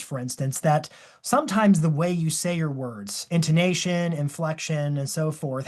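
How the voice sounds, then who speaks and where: Energetic man presenting a webinar. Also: on the high side. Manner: energetic, enthusiastic, demonstrative. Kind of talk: live webinar demonstration.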